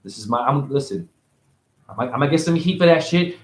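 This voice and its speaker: A man giving a rambling spiritual monologue, free-associating and preachy, jumping between high exclamations and low mutters. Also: lively intonation, a little fast, roomy sound. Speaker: spiritual teacher.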